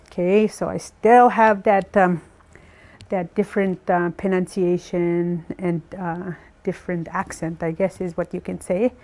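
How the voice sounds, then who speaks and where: Woman, Saskatchewan Cree accent, patient language teacher, slow and careful delivery. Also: fairly low pitch, flat delivery, a little mellow. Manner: slow and careful, breaks words into syllables. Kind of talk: recorded language lesson.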